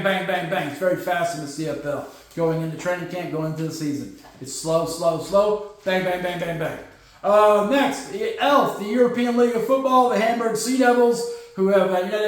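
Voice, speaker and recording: A man hosting a football podcast, running through league news in quick bursts with lots of fillers and punchy asides. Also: high voice. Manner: rapid-fire, filler-heavy, punchy asides. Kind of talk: sports news rundown. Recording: very echoey room.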